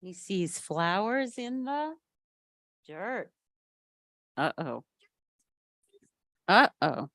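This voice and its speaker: Animated woman reading to children. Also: medium pitch, very slow, long pauses, no room sound, studio quality. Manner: animated, asks the children questions. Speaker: storyteller at a family service. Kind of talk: children's picture-book read-aloud.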